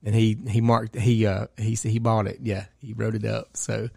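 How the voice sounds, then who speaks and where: Roofer guy, low gravelly voice, dry close sound, cussing through a story. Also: flat delivery, normal speed, dark tone, no room sound. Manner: storytelling with laughs and cursing. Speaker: roofing contractor. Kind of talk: casual podcast chat.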